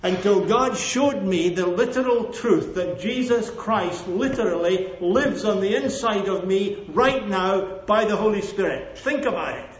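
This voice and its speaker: A man preaching a sermon to a congregation, emphatic and repeating his key phrases, often calling for an amen. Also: sits high. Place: church hall with a congregation. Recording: echoey, dull lo-fi sermon recording.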